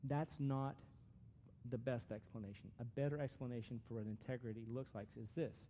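A man's voice: mid-range voice, steady tone, normal speed, warm tone, a little hiss or hum. A man giving a conversational, earnest sermon as a pastor, with frequent restarts.

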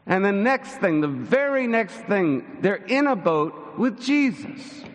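A male pastor preaching a sermon, telling the story with lively mimicry of the disciples. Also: slow. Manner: animated storytelling, mimicking disciples in high voices. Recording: church hall reverb.

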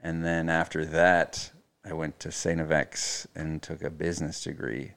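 A man's voice: a bass voice, monotone, unhurried, creaky, fairly bright tone. A Canadian man in his thirties, a podcast guest telling laid-back stories in casual chat, with some casual swearing. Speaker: podcast guest, chef and teacher.

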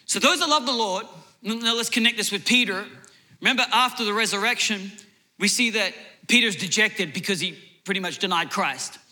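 Bright, high-voiced male preacher. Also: brisk. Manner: emphatic, repeats words as he builds a point. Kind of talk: sermon.

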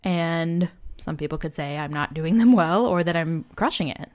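A young woman with a deep, slightly mellow voice hosts a relaxed motivational podcast at a moderate pace. Her talk is candid and loose, full of "like" and "you know," and she tends to be self-deprecating.

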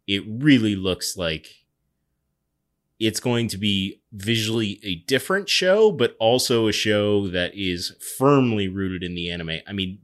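A man co-hosting a casual podcast chat, joking and crude, with quick asides. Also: lowish voice, a bit bright. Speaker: podcast co-host.

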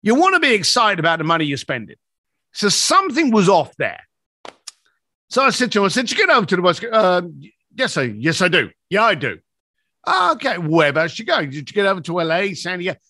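Animated man acting out a story. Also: quick pace, no room sound, clean studio sound. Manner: acts out both sides of a phone call, shifting pitch a lot. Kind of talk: animated anecdote.

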